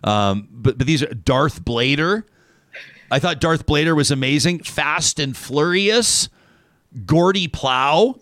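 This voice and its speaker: A man in his thirties hosts a casual talk show. He talks in an animated, joking way, with a voice that sits a little high for a man. The studio sound is close and dry. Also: slow, dry recording. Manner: animated, joking, reading lists aloud.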